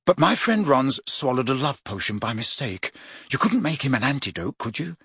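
A man narrating a story and voicing an exasperated, quick-thinking teenage boy wizard, talking urgently. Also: medium pitch, big pitch swings, a bit bright, breathy edge, no echo, studio quality, exaggerated voice.

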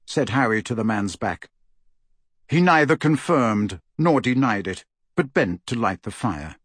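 A man narrates a fantasy story with a slightly husky, expressive voice that moves a lot in pitch. The sound is close and dry. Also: no room sound. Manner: measured storytelling. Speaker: audiobook narrator. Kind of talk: scripted narration.

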